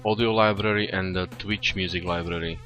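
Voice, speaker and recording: A man's voice: sits low, fairly even intonation, a little fast, fairly bright tone. A man, not a native English speaker, chatting casually on a live stream while programming, hesitant, with many restarts and fillers. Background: faint music playing.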